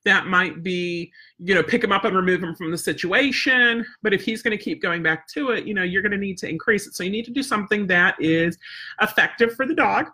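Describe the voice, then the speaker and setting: Speaking briskly in a bright, pushed, mid-range voice with some breathiness, a female dog trainer chats her way through a live-stream lesson. She talks plainly, keeps checking in with "right?" or "okay?", and insists on follow-through.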